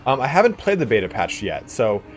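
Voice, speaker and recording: A man's voice: mid-range voice, sing-song, a little fast. A man hosting a gaming video, giving loose, rambling let's-play commentary, swearing freely and chuckling often. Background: faint game music.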